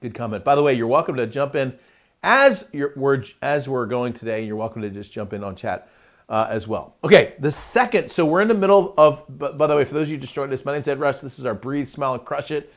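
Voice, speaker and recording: A middle-aged man hosting a live motivational talk, chatty and energetic, with asides to his online chat. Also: medium pitch, brisk. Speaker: host of a live motivational show.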